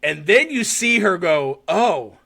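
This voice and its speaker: A man hosting a podcast, casually recapping a short film with animated, profane storytelling and frequent laughter. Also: a little high, normal speed, creaky. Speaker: podcast host.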